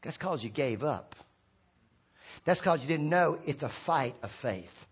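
A male pastor with a high voice and a husky edge to it. He preaches with big swings between loud shouted peaks and quiet low drops, and keeps calling on the congregation to respond. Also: lively intonation, unhurried. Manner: rallies the congregation with call-and-response prompts. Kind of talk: sermon.

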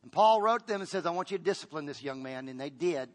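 A fairly high-voiced man preaching a sermon, his delivery swinging from loud, pressing lines to hushed ones. He repeats himself and restarts phrases in full pastor mode. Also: animated, quick pace.

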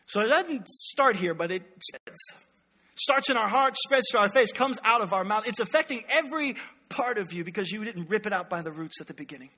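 High-voiced energetic man preaching in hall. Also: a little fast. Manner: energetic, emphatic, mimics people in asides. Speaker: pastor. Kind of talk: sermon. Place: church hall.

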